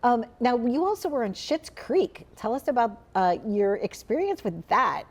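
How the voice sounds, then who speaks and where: A woman's voice: a little high, big pitch swings, moderate pace. A woman from Saint Louis hosting a talk show, asking rambling, chatty questions full of "like" in a casual interview. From Midwest US, Saint Louis.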